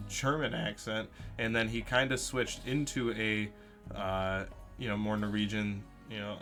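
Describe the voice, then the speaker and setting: A man's voice: lowish voice, fairly bright tone. Male podcast host, casual and rambling, lots of fillers, faint music under. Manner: rambling, many fillers and restarts. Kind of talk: casual chat.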